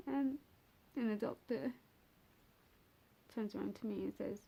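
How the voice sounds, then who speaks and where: A young adult woman telling a personal story in a vlog, talking in a halting, hesitant, emotional way with many fillers and restarts. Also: mid-range voice, creaky, warm tone, slightly rough. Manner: emotional and raw. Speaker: bereaved mother telling her story.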